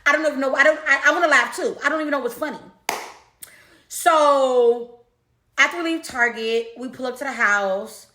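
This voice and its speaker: Woman storyteller, animated and chatty, addresses the viewer; bright tone, echoey room. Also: high voice, moderate pace, slight background noise. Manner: animated, repeats herself, talks to the audience. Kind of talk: casual storytelling to camera.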